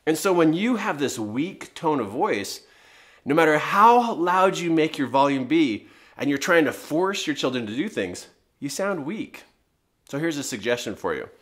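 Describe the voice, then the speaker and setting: A man's voice: on the high side, very animated, moderate pace, a bit bright. A middle-aged man giving an emphatic teaching talk to parents as a parenting coach, driving his points home with rhetorical questions.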